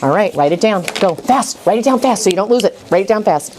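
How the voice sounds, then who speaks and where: A middle-aged woman teaching first graders to write, brisk and coaxing, repeating her prompts. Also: medium pitch, expressive, background noise. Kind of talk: classroom writing lesson. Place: classroom.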